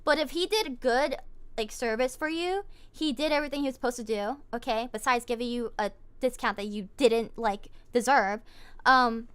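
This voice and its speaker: A young woman streamer telling a story in casual chat, animated and indignant, with lots of fillers. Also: fairly high pitch, normal speed, clear, resonant tone.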